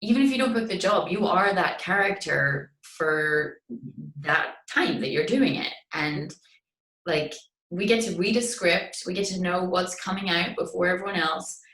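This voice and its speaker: A woman's voice: on the low side, unhurried, distant mic. A young woman with a light Scottish accent, an actress guest chatting casually and animatedly in an interview. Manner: chatty, animated, full of fillers. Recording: roomy echo.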